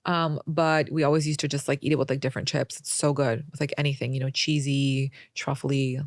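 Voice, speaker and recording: Brief: young woman, podcast guest, gravelly fry, dry close sound, chatty storyteller. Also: extremely low pitch, level tone, fairly quick, no echo. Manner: chatty storyteller, acts out quoted voices. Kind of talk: casual interview talk.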